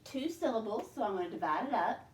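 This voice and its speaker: A woman teaching a second grade phonics lesson, slowly sounding out syllables in a clear teacher voice. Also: on the high side, expressive, echoey room.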